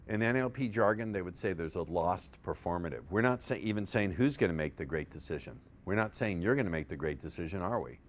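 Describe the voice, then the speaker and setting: A man with a very low voice teaches a live seminar to a room of listeners. He is playful and profane, and keeps drawing the audience in with questions. Faint noise sits under his voice. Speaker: seminar presenter teaching persuasion.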